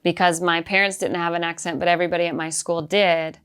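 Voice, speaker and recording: A woman comedian with a light Southern accent, chatting casually and telling animated stories. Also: lowish voice, fast talker, smooth. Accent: light Southern American, fading in and out. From American South. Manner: chatty, animated storyteller, laughs often. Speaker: comedian guest. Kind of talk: casual chat.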